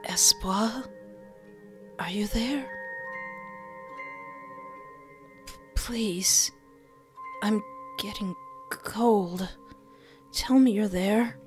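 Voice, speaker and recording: A woman voicing a lonely, gentle young man who is wounded and dying, speaking softly and haltingly. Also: medium pitch, over music, natural voice. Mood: weak, fading. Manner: soft, breathless, halting and pleading.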